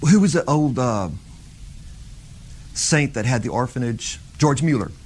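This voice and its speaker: A man's voice: mid-range voice, animated, measured pace, darkish tone, slight background noise. A middle-aged man preaching an informal sermon in a conversational way that builds to fervent emphasis.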